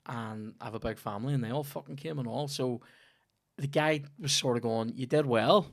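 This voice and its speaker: A young comedian chats loosely on a podcast. He rambles through his stories and swears freely, with a voice of ordinary middle pitch. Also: fairly quick, creaky. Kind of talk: casual podcast chat.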